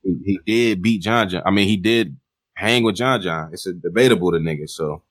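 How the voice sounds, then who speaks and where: A man's voice: low voice, brisk, dry recording. A man co-hosting a podcast, chatting casually in slang, with laid-back restarts and frequent laughs. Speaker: podcast co-host. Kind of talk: casual chat.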